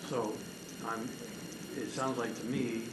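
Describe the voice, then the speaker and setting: A man's voice: mid-range voice, little pitch movement, takes it slowly. Man asking probing questions, echoey room. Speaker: interviewer. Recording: echoey room with background noise.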